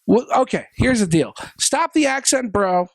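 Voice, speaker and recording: A man's voice: very high voice, expressive, normal speed, vocal fry, dry recording. Joking male podcast host. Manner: joking, rambling, self-deprecating. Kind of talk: casual chat.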